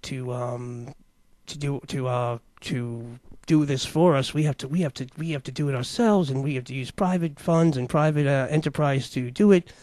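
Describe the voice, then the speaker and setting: A man's voice: medium pitch, normal speed, a little mellow, dry recording. A man hosting a talk show, commenting casually on clips and rambling with many fillers and restarts.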